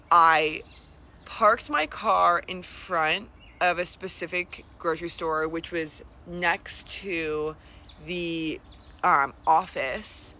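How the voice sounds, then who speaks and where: A woman's voice: on the low side, bright, forceful tone. A young woman telling a personal story in a chatty, casual way, full of asides and "like". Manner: chatty, lots of "like", dramatic asides. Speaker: vlogger.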